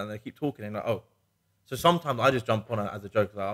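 A man with a fairly low voice talks in a relaxed podcast chat. He tells lively stories about his work as a wedding DJ, acting out little exchanges as he goes. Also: fast. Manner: chatty, animated storyteller with laughs. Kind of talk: casual chat.

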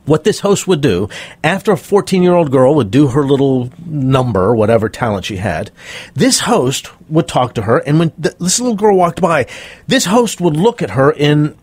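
A man's voice: fairly high pitch, normal speed, husky, no echo. A middle-aged man, a performance coach, telling stories in an interview and acting out the people he quotes. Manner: animated storyteller acting out quoted voices. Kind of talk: interview storytelling.

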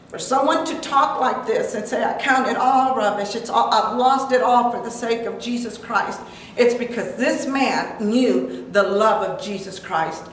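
A woman's voice: high voice, a bit bright, slight background noise. A woman preaching to a men's Bible class with fervent, repetitive emphasis. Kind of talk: preaching exhortation. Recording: echoey room from far off.

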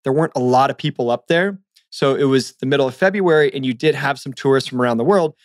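A man's voice: mid-range voice, fast talker, dry recording. Male podcast co-host in his thirties, easygoing and chatty, dry studio sound. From Southern California. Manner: relaxed, rambling storyteller. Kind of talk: casual chat.

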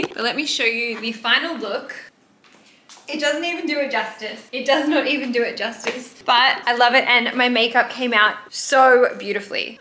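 A woman's voice: a little high, bright, forceful tone. A young woman chatting candidly to camera in a self-filmed vlog, swearing casually as she talks. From Australia. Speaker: vlogger and podcaster.

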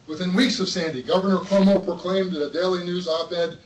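Man, public commenter, high pitch, pointed read-out testimony, roomy distant room sound. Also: fairly even intonation, fairly quick, a little hiss or hum. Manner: earnest, pointed, read-out statement. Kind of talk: public testimony at a board meeting. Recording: roomy hall, mic far off.

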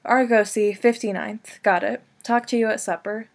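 A woman's voice: fairly high pitch, fairly even intonation, normal speed, creaky. A woman reading a clipped, probing psychiatrist wife. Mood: curt. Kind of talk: audiobook reading.

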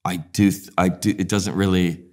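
Deep-voiced man, rambling and animated. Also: moderate pace. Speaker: comedian, guest. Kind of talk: casual interview storytelling.

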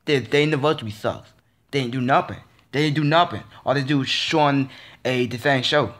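Ranting casually on his vlog, a frustrated man speaks fairly quickly in a medium-pitched, fairly bright voice. He keeps repeating points and stumbling through restarts.

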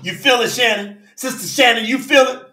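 A man preaching a fiery sermon in African American speech, shouting and calling out listeners by name. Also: very high voice, moderate pace, echoey room, slight background noise. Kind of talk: fiery sermon on a live stream.

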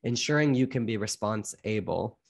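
A man's voice: mid-range voice, brisk, vocal fry. A young man speaking as an interview guest, earnest and reflective, often saying "like" and "you know". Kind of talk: candid conversational interview.

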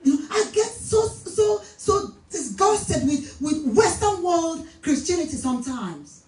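A woman's voice: extremely high pitch, very animated, measured pace, few pauses, darkish tone. A woman from Africa with an African accent, preaching a sermon in an emphatic, exhorting way and stretching out stressed words. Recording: echoey hall, distant mic, faint noise.

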